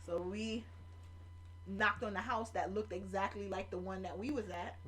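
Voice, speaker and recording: Animated, profane woman podcast host. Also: medium pitch, normal speed, a little hiss or hum. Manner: animated, profane storytelling with loud acted-out quotes. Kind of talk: casual storytelling chat. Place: home room near a kitchen window.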